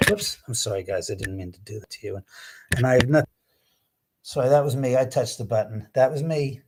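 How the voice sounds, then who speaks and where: A man hosting a live ghost-hunting stream from inside his house, grumbling and cursing to himself as he scolds unseen spirits, swinging from sudden loud outbursts to whispered mutters. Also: mid-range voice, animated, normal speed, background noise. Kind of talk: live stream, casual chat. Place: indoors in his own house, moving between rooms and stairs.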